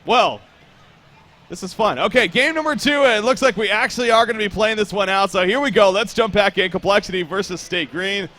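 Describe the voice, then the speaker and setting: A man's voice: high voice, a little fast, sharp tone. A young man casting an esports match live, chatty and joking, often restarting his sentences. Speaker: esports caster. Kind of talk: live game commentary.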